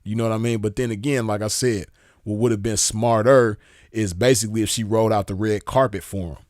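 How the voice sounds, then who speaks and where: A man's voice: lowish voice, fairly even intonation, brisk, darkish tone, no room sound, studio quality. A man giving casual commentary, laid-back and slangy, often checking in with the listener. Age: adult with a child. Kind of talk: casual commentary reading messages aloud.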